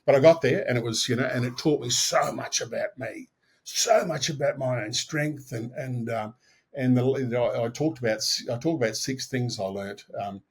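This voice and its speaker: A husky-voiced Australian man in his sixties, talking at a middling pitch as a podcast guest. He tells stories with earthy frankness and animates them by voicing the people in them. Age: 60s. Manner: animated storyteller who acts out quoted dialogue; frank and earthy, with mild swearing. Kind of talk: personal storytelling in an interview.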